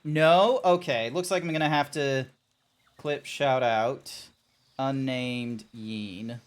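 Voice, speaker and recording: A man's voice: medium pitch, slow pace. Rambling joking male streamer. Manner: rambling, joking, trails off mid-sentence. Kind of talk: casual live-stream chat. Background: faint background music.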